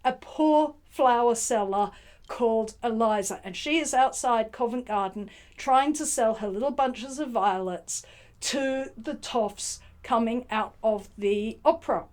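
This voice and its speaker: A woman's voice: a little high, unhurried, a little mellow. A woman giving an informal lecture, retelling a play in a conversational way and thinking aloud as she goes. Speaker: literary commentator.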